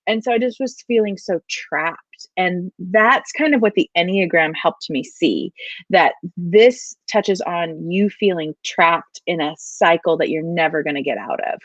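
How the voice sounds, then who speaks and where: A woman's voice: lowish voice, no room sound, lo-fi sound. A middle-aged woman and mother, a guest on an interview show, telling a personal story in a candid, earnest way and laughing now and then. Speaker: podcast guest, leadership coach.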